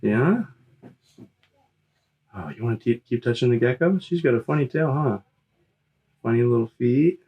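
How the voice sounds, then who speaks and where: A parent using gentle, coaxing baby talk to a small child, repeating words slowly and reassuring the child. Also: mid-range voice, lively intonation, slightly rough, dull audio. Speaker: parent showing animals to a toddler.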